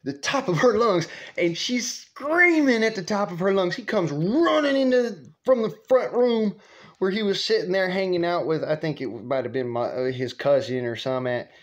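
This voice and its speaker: A man's voice: high-pitched, lively intonation, normal speed. A man casually telling a personal anecdote, rambling and digressing with profanity and chuckles. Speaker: storyteller. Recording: muffled lo-fi recording.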